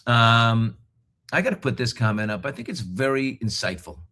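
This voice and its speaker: A man's voice: medium pitch, moderate pace. A middle-aged man hosting a live talk show from a hotel room, chatting casually and joking a lot. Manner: jokey, animated, laughs a lot. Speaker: host.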